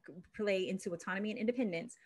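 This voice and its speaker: Woman host, relationship expert, upbeat, encouraging, quick laughs. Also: mid-range voice, a little mellow. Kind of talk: interview hosting.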